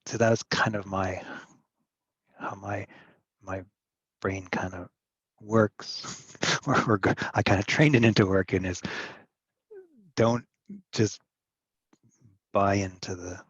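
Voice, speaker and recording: Slow, husky low-voiced man. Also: steady tone, dry recording. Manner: slow, halting, thoughtful, laughs often. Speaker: co-host. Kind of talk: casual reflective chat. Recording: dry, muffled lo-fi audio.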